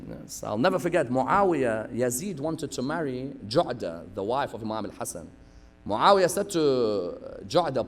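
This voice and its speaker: A man preaching a sermon, telling stories with acted-out quotes and sudden loud bursts. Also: medium pitch, big pitch swings, moderate pace. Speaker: preacher giving a Muharram lecture.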